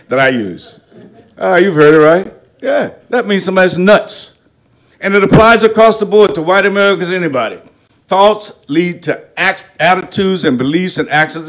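Older man, guest speaker in a college hall; folksy, humorous storyteller with a preacher's cadence and a fairly high voice. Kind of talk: public lecture with storytelling.

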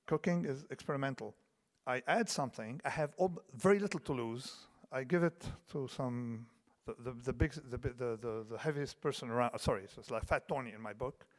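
A man's voice: medium pitch, fairly quick, few pauses. A man in his fifties giving a conference lecture, digressive, full of restarts and asides that check in with the audience. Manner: digressive, restarts often, asks the audience "okay?". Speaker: keynote speaker. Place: large conference hall. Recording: long hall reverb.

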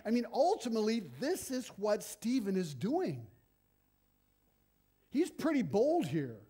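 A man, a missionary, preaching a sermon in a church, animated, with sudden loud bursts and quiet asides. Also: high voice, unhurried, slightly rough.

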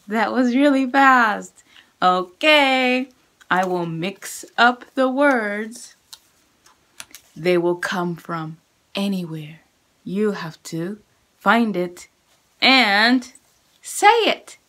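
A woman's voice: a little high, expressive, drawn-out words, sharp tone. A woman teaching sight words to children, cheering them on with praise in an exaggerated sing-song way. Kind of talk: sight word drill for kids.

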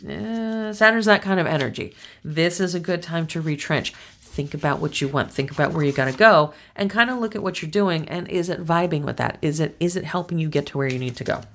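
A middle-aged woman with a low voice talks through a tarot and astrology reading in a loose, chatty way. She rambles into anecdotes, restarts her sentences and keeps up a lively storytelling flow. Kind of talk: casual tarot reading to camera.

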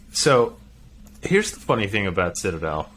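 A man's voice: fairly low pitch, big pitch swings, unhurried, fairly bright tone, husky. A man co-hosting a podcast in casual chat, talking with strong opinions and laughing often. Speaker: podcast co-host.

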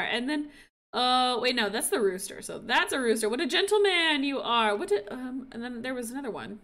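Lively bright-voiced woman streamer. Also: fairly high pitch, normal speed. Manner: excitable, gushing squeals at in-game animals. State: sniffly. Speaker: game streamer. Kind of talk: casual gameplay commentary.

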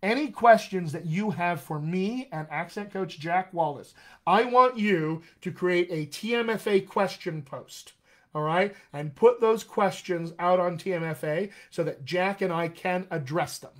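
Chatty American man, higher-pitched voice. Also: unhurried, fairly bright tone. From United States. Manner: chatty, rambling, addresses viewers by name. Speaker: dialect coach and live-stream host. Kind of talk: casual live-stream chat to viewers.

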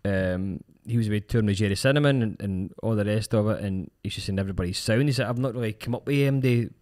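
A man's voice: lowish voice, quick pace, a little mellow. A man with a Scottish accent co-hosting a podcast, telling rambling stories in casual chat. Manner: rambling, storytelling with restarts. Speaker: podcast co-host.

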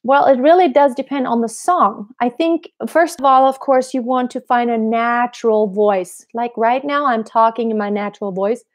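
A woman's voice: a little high, normal speed, hardly any pauses. A young adult woman, a singing teacher, explaining vocal technique in a live-stream lesson and answering viewers' questions, asking herself questions as she goes. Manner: explanatory, asks herself rhetorical questions, demonstrates voice placements. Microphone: computer mic on a live stream.

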